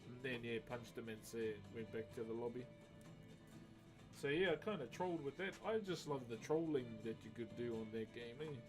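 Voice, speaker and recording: Carving wood at his home streaming setup, this man talks in a mid-range, animated voice at normal speed. He's laid-back and chatty with his live-stream viewers, dropping "eh?" and "bro" often, while music plays underneath.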